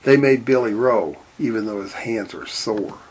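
A man reading a storybook aloud in a steady, deadpan way. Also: lowish voice, moderate pace, a little hiss or hum. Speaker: narrator.

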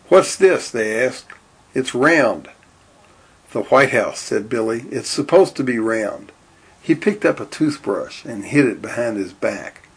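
Man, storyteller, gravelly, husky, lively character lines, children's story reading. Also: medium pitch. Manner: lifts voice for quoted lines, drops for narration.

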